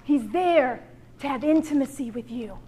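A woman's voice: sits high, normal speed. A woman preaching to a women's church gathering, joking and acting out little voices as she goes. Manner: animated, jokey, acts out voices. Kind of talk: sermon.

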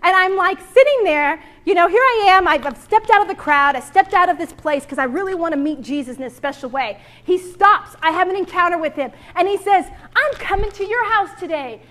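A woman's voice: extremely high pitch, fairly quick, hardly any pauses. A woman preaching to a women's church gathering, joking and acting out little voices as she goes. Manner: animated, jokey, acts out voices. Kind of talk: sermon.

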